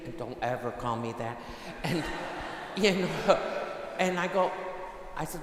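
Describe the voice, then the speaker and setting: A man's voice: a little high, measured pace, pauses often, slight background noise. A man, a priest, preaching a homily and telling a family story, acting out the quoted dialogue. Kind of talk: sermon. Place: large church. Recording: echoey church hall, long reverb.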